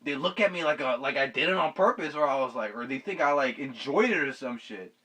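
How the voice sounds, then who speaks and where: A man's voice: medium pitch, animated, a little fast, bright, forceful tone. A young man telling a story casually to his viewers, slangy and swearing, laughing at his own tale. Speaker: vlogger. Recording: voice a bit far from the mic.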